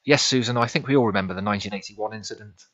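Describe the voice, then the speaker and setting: A stern, commanding old grandmother who knows dark magic, from a storybook fantasy, as a male narrator voices her. The voice comes out low and husky with a forceful brightness. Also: animated, fairly quick, dull audio. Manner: sharp, commanding.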